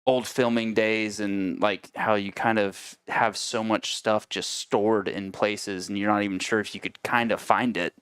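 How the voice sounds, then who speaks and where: A man from Tampa hosts a casual podcast in the studio, full of jokes and easy swearing. His voice sits on the low side and the room sounds dry and close. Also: fairly even intonation, a little slow, hardly any pauses, a bit bright, clear, resonant tone, no room sound. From Tampa, Florida. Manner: joking, swears freely. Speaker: podcast host.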